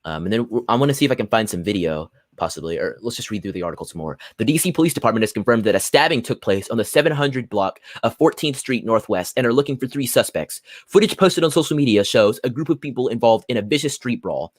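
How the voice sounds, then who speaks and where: A young man hosting a solo political livestream, swinging from loud angry rants to low muttered asides as he reads articles aloud. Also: lively intonation, fast talker, few pauses, no room sound, clean studio sound. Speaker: livestream host. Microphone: phone or computer mic at a desk.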